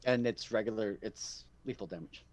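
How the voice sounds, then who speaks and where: Man, game master, tabletop game narration, halting, many fillers. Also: on the low side, a little mellow. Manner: halting, full of ums and restarts.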